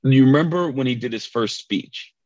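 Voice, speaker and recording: A man's voice: mid-range voice, animated, moderate pace, a little mellow, no echo, dull audio. A man in a casual podcast chat, explaining background from the books in a talkative way. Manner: chatty, explains book background. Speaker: podcast co-host.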